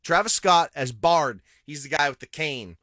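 A man co-hosts a casual movie podcast, running down a cast list with offhand jokes. His voice is bright and forward, and it sits dry and close to the mic. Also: a little high, expressive, normal speed, dry recording. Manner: reads cast list, jokey asides. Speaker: podcast co-host. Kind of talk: casual movie review chat.

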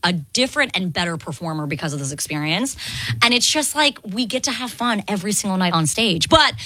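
Guest, woman, bright and chatty, dry studio sound, quick laughs and fillers. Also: mid-range voice, lively intonation, no room sound, low-quality recording. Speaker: guest performer. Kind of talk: casual radio interview chat.

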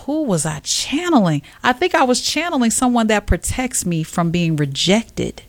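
A woman co-hosting a casual talk show, telling a story with lively acted-out quotes. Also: fairly high pitch, normal speed, no echo. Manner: animated storyteller, acts out quotes. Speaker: co-host. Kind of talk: casual chat.

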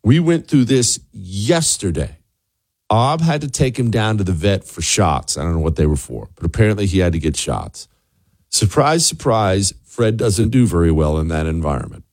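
A man's voice: on the low side, animated, normal speed, darkish tone, dry recording, clean studio sound. A man hosting a talk radio show, delivering an opinionated monologue with sarcastic asides and emphatic repetition. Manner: emphatic, repeats words for punch.

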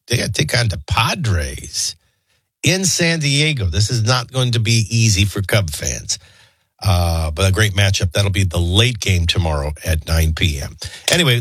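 Husky man, chatty sports talk host. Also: on the low side, fairly bright tone, no echo. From New Orleans area. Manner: chatty, rambling anecdotes with quick sports scores. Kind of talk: casual storytelling and sports rundown.

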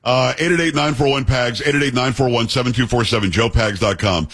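A man hosting a talk radio show, chatting in an animated, emphatic, joking way. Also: medium pitch, brisk, breathy edge. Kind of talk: casual talk radio banter.

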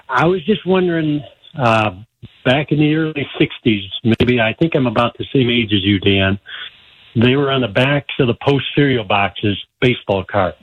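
A man's voice: mid-range voice, slightly rough, no room sound. Older male caller on a muffled line. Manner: friendly, a bit halting. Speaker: radio caller. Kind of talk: phone-in question. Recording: muffled phone line with faint noise.

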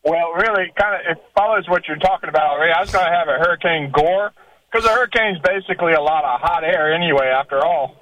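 A man calling in to a radio show, delivering quick wisecracks. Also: on the high side, a bit bright, dry recording, highs cut off. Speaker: caller. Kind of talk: phone-in chat.

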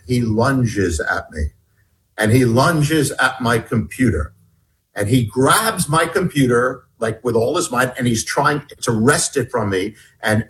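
With a mid-range voice, this male author recounts something from his own life on an interview show, speaking emphatically and alternating between loud and quiet passages.

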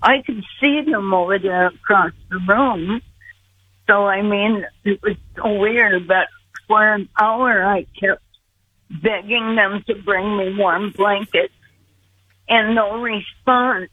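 An older woman guest telling a personal story slowly and earnestly over the phone. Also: medium pitch, slight background noise. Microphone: telephone. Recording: tinny phone line.

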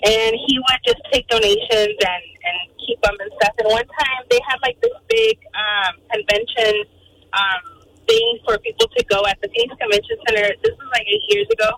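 A woman calling in to a radio show, telling a story in a lively, quick way with many fillers. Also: a little high, a little hiss or hum. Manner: animated, fast, many fillers. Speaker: caller. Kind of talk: phone-in storytelling. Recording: tinny phone line.

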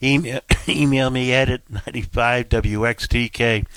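A man's voice: medium pitch, fairly even intonation, moderate pace, fairly bright tone, clear, resonant tone, dry recording. A man hosting a casual talk radio show, rambling through fillers and asides at a studio microphone.

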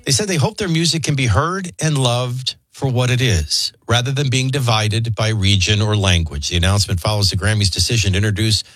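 A man's voice: mid-range voice, brisk, hardly any pauses, breathy edge, soft background music. A man hosting a morning radio show, mixing joking banter with news reads. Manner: joking, playful, animated.

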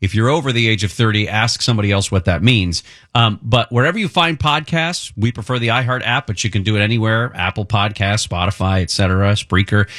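Low-voiced male radio co-host. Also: brisk, a bit bright, no echo. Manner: loose, joking, rambling delivery. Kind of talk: casual talk radio chat. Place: radio studio. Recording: dry studio mic.

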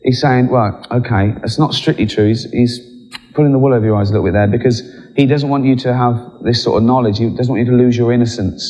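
A man's voice: medium pitch, fairly even intonation, quick pace, dark tone. A man doing stand-up comedy, with wry, chuckling asides. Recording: reverberant live venue with noise.

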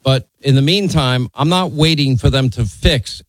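A man's voice: mid-range voice, normal speed, no echo, rough recording. A man hosts a call-in radio show, blunt and opinionated, teasing his callers. He grew up in New York. His voice sounds dry and close, with no room around it. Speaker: radio talk show host. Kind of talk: talk radio, taking calls.

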